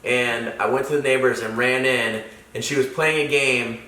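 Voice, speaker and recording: Brief: sincere dad telling a story, bright tone, echoey room, distant mic. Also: male voice, medium pitch, fairly even intonation, normal speed. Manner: earnest, sincere, drops soft when quoting. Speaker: father telling a family story. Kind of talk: casual family storytime chat.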